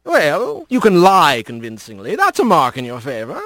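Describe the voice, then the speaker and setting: A man's voice: fairly high pitch, huge pitch swings, normal speed, a bit bright. A man voicing a scarred old male kit fox, a courtly trickster who speaks with a lilting lilt and formal, sly phrasing. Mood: grand.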